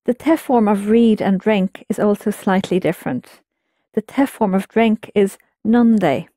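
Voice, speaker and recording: A woman's voice: medium pitch, moderate pace, warm tone, no room sound, studio quality. A woman teaching a language lesson, explaining patiently and prompting her students to answer.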